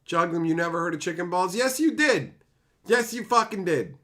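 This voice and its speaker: A man ranting at chat, pitch leaping high. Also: lively intonation, moderate pace, sharp tone. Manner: profane, exasperated ranting at chat. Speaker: streamer reading chat. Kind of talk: casual live-stream chat.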